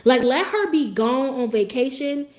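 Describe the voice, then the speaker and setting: A woman livestreamer telling stories in a sassy, animated way and laughing often as she talks. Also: high-pitched, normal speed. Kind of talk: casual livestream storytelling.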